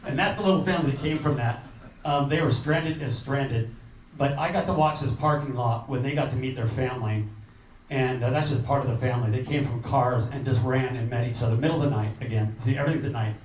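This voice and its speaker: Addressing a meeting audience informally, a man talks quickly at medium pitch about a refugee relief trip. He is earnest but drifts, often using fillers and starting over mid-sentence. The meeting-room audio is roomy and distant, with a dull tone and faint noise.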